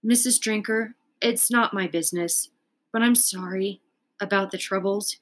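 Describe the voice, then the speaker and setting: A woman's voice: mid-range voice, measured pace, fairly bright tone. A woman voicing an earnest, tenderhearted young boy in a storybook read-aloud, speaking in a heartfelt way.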